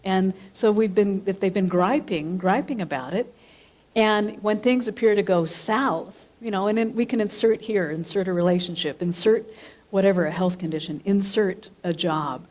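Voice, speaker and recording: A woman minister preaching in a church, her voice at a middle pitch. She tells a personal story and circles back over her points, repeating and rephrasing them. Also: moderate pace, darkish tone. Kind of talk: sermon with personal anecdote. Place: church sanctuary.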